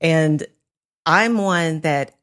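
A woman's voice: low voice, drawn-out words, a bit bright. A woman co-hosting a casual chat, candid and self-deprecating, speaking to listeners. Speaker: podcast co-host.

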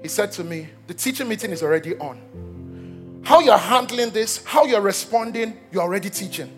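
Nigerian male pastor, 30s, high pitch, animated storytelling sermon over soft music. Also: moderate pace. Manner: animated storytelling, repeats words, acts out quotes.

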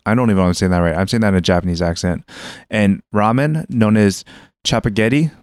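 Guy cohosting a chatty podcast, lowish smooth voice, dry close sound, lots of "like"s. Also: fast talker, darkish tone, dry recording. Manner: explanatory, loose with fillers and restarts. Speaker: podcast co-host. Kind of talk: casual chat.

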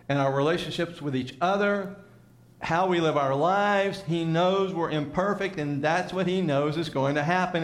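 A man preaching to a congregation, conversational and teasing, leading them in repeated call-and-response phrases. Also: fairly high pitch. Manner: conversational, teasing asides to listeners. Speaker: pastor. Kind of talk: sermon.

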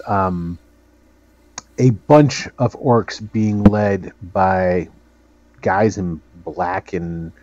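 A man's voice: on the low side, darkish tone, no echo, dull audio. A man narrating as game master in a tabletop game, rambling with many fillers.

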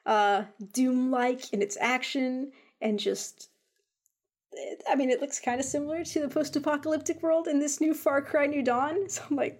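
A young woman with a slightly high voice chats casually as a co-host. She talks in an excitable, rambling way, full of fillers. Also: normal speed. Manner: chatty, excitable, lots of fillers. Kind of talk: casual chat about video game news.

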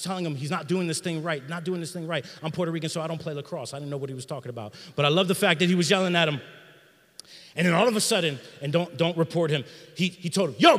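A middle-aged man preaching a sermon in a church sanctuary, in an energetic, conversational style with slang. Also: a little high, long reverb tail. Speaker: pastor.

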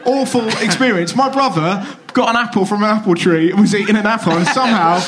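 A man's voice: sits high, crowd noise. A young man, a comedian guest telling profane stories before a live audience and acting out the voices in them. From England. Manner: quick, profane storytelling with acted-out voices. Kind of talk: comic podcast chat before a live audience. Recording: live room with noise and audience.

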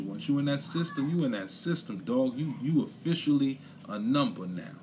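A slight hiss or hum sits under this young Brooklyn commentator's mid-range, darkish voice. Animated and moving at a moderate pace, he rants bluntly and profanely in casual chat, repeating points for emphasis.

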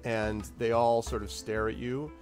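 A man's voice: mid-range voice, level tone, measured pace, darkish tone, soft background music. Man running a tabletop game. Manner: rambling, laughing, many fillers. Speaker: game master.

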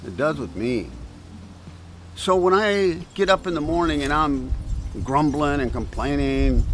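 A man's voice: a little high, lively intonation, a little slow, faint music behind, rough recording. A man giving a conversational devotional talk outdoors in a breeze, asking his listeners questions. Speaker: preacher. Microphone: camera on a stand.

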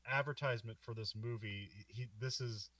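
A man's voice: on the low side, fairly even intonation, normal speed, bright, forceful tone, no room sound, far from the mic. A man co-hosting a casual movie podcast, rambling through a plot recap with many fillers and frequent laughs. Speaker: podcast co-host.

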